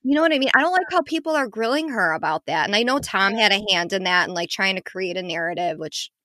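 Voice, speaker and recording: A woman co-hosting a podcast, chatting casually and telling gossipy, animated stories with frequent swearing. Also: mid-range voice, quick pace, dry recording, clean studio sound. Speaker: podcast co-host. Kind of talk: casual chat.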